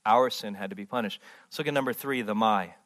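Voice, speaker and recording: A man preaching a sermon in a church as pastor, impassioned and repetitive, swinging from loud emphasis to hushed tones. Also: on the low side, quick pace. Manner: repeats words, restarts phrases.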